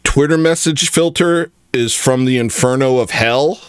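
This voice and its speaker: A man's voice: mid-range voice, measured pace, clean tone, no echo, studio quality. A man hosting a casual comedy livestream, rambling and joking while reacting to chat. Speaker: livestream host.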